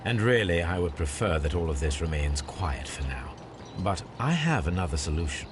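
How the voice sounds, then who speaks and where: An actor playing a calm, sardonic male detective, speaking in a dry, measured way. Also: sits low, background noise.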